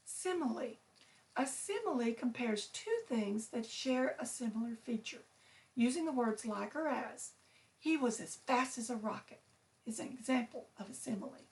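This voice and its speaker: A woman teacher presenting a children's lesson, explaining patiently and enunciating clearly. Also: a little high, lively intonation, moderate pace, far from the mic.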